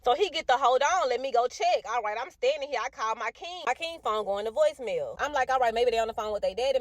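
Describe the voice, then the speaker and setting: A woman's voice: a little high, a bit bright, no room sound. A woman in her thirties, a mother, telling a personal story in a casual storytime vlog with lots of slang.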